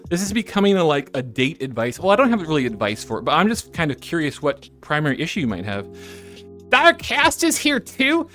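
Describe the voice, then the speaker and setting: Woman streamer, casual chat: giggly and chatty, voice leaping up and down, soft music under it. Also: low-pitched, wildly swooping pitch, a little fast. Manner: giggly, chatty, self-correcting asides. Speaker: VTuber streamer. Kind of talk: casual live-stream chat, reading chat messages.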